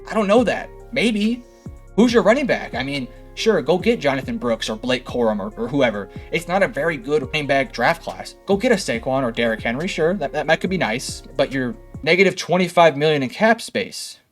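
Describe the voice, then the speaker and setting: A young man delivers an opinionated sports analysis monologue with sarcastic bite, throwing rhetorical questions at rival fans. His voice sits a bit high for a man. Faint music plays underneath. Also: lively intonation, brisk. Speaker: sports commentary host.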